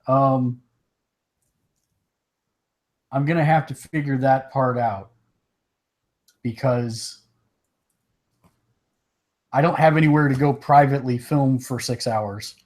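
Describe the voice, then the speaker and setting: A man's voice: medium pitch, a little slow, long pauses, darkish tone. A man co-hosting a gaming podcast, chatting casually and loosely, with hiccups and easy laughs. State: has the hiccups. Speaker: podcast co-host. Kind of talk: casual chat.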